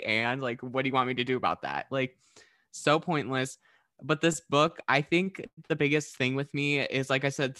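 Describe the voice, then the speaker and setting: A man's voice: mid-range voice, pushed and bright, clear, resonant tone, dry recording, clean studio sound. A young man in a casual book club chat, candid and repetitive. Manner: candid, repeats himself.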